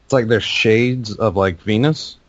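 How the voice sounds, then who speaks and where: A man's voice: lowish voice, a little slow, no room sound, dull audio. A man co-hosting a podcast, chatting in a laid-back, joking way with slangy asides. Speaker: podcast co-host. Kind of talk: casual chat about a video game.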